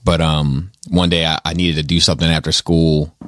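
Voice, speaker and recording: A man co-hosting a podcast, telling profane, animated stories in casual chat with lots of laughter. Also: a bass voice, fairly quick, no echo, studio quality. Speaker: podcast co-host.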